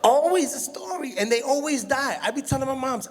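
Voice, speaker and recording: A middle-aged stand-up comedian of Puerto Rican heritage tells animated stories a little fast, acting out his mother with shrill, high shrieks. The routine is recorded with the long reverb of a show hall.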